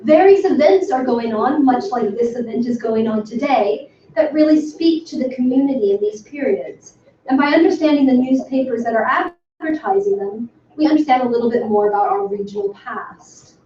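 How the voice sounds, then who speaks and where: A woman giving an academic talk to a workshop audience, speaking with enthusiasm and emphasis and filling pauses with frequent ums. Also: fairly high pitch, animated, dark tone. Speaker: lecturer. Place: lecture room. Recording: far from the mic in an echoey room, dull and slightly noisy.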